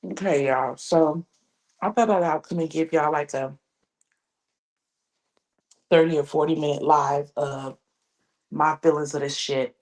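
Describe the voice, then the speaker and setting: Older woman, live-stream host, deep and unhurried, salty casual chat with viewers. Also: steady tone. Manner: profane, chatty, greets viewers by name; hushed at times to keep a grandchild asleep. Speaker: livestream host.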